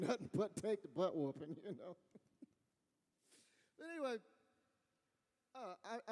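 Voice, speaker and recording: A man with a West Texas accent doing folksy, animated stand-up storytelling on a fair stage. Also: high voice, long reverb tail. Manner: animated storytelling, folksy, laughs at own jokes. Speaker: stand-up comedian. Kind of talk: stand-up comedy.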